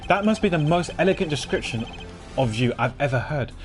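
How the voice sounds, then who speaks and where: A man's voice: a little high, lively intonation, brisk, music in the background, close to an everyday voice. A man voicing a stern young male prosecutor who speaks in a stiff, formal and cutting way.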